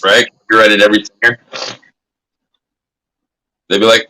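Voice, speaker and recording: Casting: low-voiced man hosting a stream, loose and profane, coughs from smoking, sharp bright tone. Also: normal speed, poor audio. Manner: loose, profane, laid-back rambling. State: coughing now and then from smoking. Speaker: livestream host. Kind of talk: casual livestream chat. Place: indoors at a grow setup.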